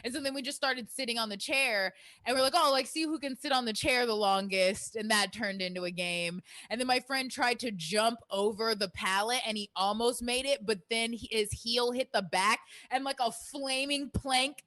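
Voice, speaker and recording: A woman's voice: a little high, normal speed, few pauses, pushed and bright. A female comedian from Florida chatting casually, rambling with lots of fillers. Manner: laid-back, rambling, filler-heavy. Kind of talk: casual chat.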